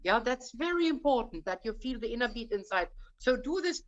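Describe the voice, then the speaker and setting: A woman's voice: sits high, sing-song, brisk, hardly any pauses, dull audio, slight background noise. A woman coaching an opera singer in a masterclass. She is direct and insistent, and she calls the singer darling. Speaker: vocal coach.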